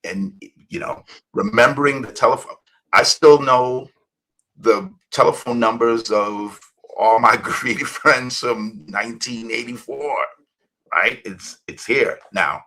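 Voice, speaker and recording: Middle-aged American male guest, bright edgy tone, meandering anecdotal delivery. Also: mid-range voice, a little slow, low-quality recording. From United States. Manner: rambling, many fillers and restarts. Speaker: guest, hip-hop journalist. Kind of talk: storytelling interview.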